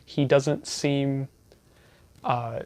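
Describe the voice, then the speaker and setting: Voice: mid-range voice, fairly even intonation, very slow, a little mellow, dry recording. A casual, chatty reviewer rambling and laughing while recommending horror movies to a camera at home. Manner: chatty, laughs often, loses train of thought. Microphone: camera mic, self-filmed.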